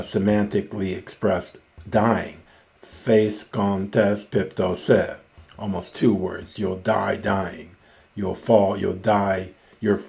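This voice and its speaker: A middle-aged man gives a methodical reading lesson, reading each line aloud before parsing it word by word. His voice sits fairly low and sounds mellow and relaxed. He talks at an unhurried, deliberate pace. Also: vocal fry. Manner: slow, methodical, reads lines aloud then parses each word. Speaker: Greek teacher. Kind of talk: reading lesson on a classical text.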